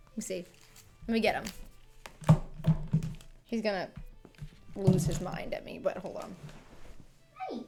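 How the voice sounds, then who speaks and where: A woman's voice: mid-range voice, takes it slowly, long pauses, loud music behind the voice. A woman in her thirties chatting casually and fondly on a home livestream, bubbly and talkative. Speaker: streamer.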